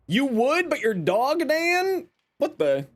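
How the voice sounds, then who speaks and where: A man streaming a game live, chatting casually and greeting viewers by name with playful sarcasm. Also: extremely high pitch. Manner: upbeat, greets chat by name.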